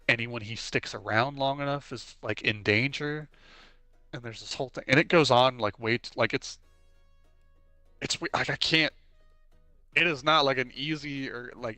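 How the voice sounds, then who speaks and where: A young man chats on his stream and rambles through stories. He says "like" at every turn and acts out lines as he goes. His voice is bright and forward, and the sound is dry, with faint music underneath. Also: mid-range voice, no echo. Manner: rambling, leans on the filler "like"; animated storyteller who acts out quotes. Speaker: livestream host. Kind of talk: casual chat while streaming.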